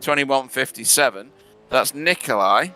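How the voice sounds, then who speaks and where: A man's voice: mid-range voice, lively intonation, a little slow, pushed and bright, slight background noise. A man commentating a sim racing broadcast in a chatty, laughing way, sometimes fumbling for names. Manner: chatty, laughs often, stumbles over names. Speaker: race commentator.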